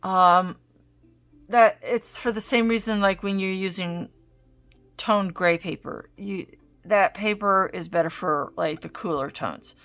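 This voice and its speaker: At a home craft desk, a woman hosts an easygoing art supplies video, rambling and chatting as she tries crayons and breaking off mid-thought. Her voice is medium in pitch, unhurried, and fairly bright.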